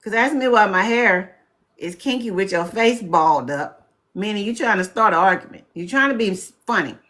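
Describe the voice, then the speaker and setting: A woman hosts a casual live talk, walking her viewers through slides. She speaks bluntly and with plenty of animation, scolding them directly at an ordinary mid pitch. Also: animated, moderate pace, fairly bright tone. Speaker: host presenting slides.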